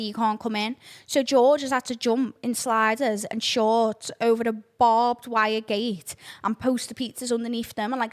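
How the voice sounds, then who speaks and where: A young woman telling a chaotic story on her podcast, dramatic and sweary. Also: a little high. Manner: breathless, dramatic oversharing, lots of swearing. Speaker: podcast host. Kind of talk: casual storytelling.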